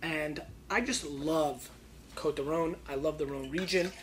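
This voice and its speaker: A man hosting a wine tasting show, reviewing bottles in a loud, excitable, slangy way that jumps between hushed asides and shouting bursts. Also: on the high side, measured pace, background noise.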